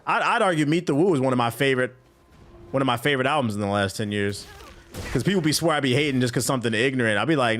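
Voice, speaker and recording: A man's voice: mid-range voice, fast talker, a bit bright, a little hiss or hum. A man streaming a game, chatting casually with his chat in loose, profane slang. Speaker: gaming streamer. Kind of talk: casual live-stream commentary while playing.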